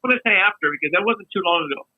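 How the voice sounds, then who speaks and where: A man chatting casually as a podcast guest, relaxed and storytelling, often trailing off mid-sentence. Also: sits high, rapid-fire, crowd noise. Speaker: guest videographer. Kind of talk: casual chat. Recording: tinny phone-like line.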